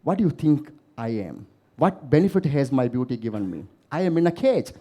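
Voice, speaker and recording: A man's voice: medium pitch, very animated, a little fast, dark tone, close to an everyday voice. A man voicing a vain caged peacock that is bitter about its captivity, in a fable told on stage. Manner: exasperated, rhetorical questions.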